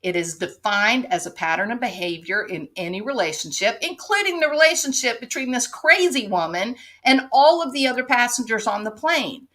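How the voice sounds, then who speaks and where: A woman's voice: fairly high pitch, lively intonation, normal speed, hardly any pauses, fairly bright tone. A woman hosting an opinion commentary, sarcastic and pointed, driving her case with rhetorical "right?" questions. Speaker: commentary show host.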